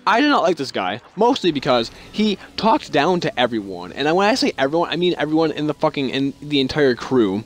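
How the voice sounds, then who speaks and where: A young man telling work stories in a casual vlog, rambling and sarcastic, swearing constantly and acting out other people with sudden jumps in pitch. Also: very animated, brisk, few pauses. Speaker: vlogger.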